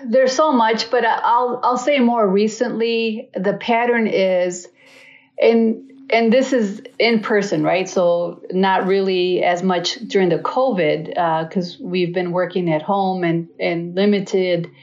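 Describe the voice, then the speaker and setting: A woman on a discussion panel telling a personal story in a deliberate, pointed way. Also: mid-range voice, fairly even intonation, a little mellow. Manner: deliberate and pointed, spells things out slowly. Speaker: panel guest. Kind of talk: conversational storytelling. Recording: dull echoey room sound.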